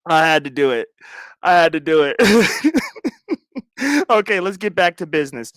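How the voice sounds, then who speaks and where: A man in his thirties running a casual livestream from a close desk mic, his voice pitched high and swinging widely as he laughs through nearly every line. The sound is dry and close, with no room around it. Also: moderate pace, dry recording. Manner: laughs constantly, loud and animated. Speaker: livestream host.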